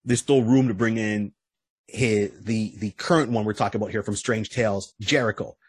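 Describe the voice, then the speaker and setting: Casting note: male podcast host, low husky voice, dry close sound, chatty stammering storyteller. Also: normal speed, no room sound. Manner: stammering restarts, frequent "you know"; lively storytelling retelling. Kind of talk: casual podcast chat, recapping a comic.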